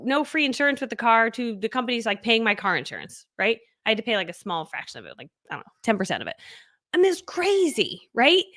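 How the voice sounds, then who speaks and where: A woman's voice: on the high side, fairly bright tone, no echo, clean studio sound. A middle-aged woman coaching in network marketing, telling her story in a bubbly, chatty way, laughing often and acting out other people's voices. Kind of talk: casual storytelling to camera. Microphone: webcam.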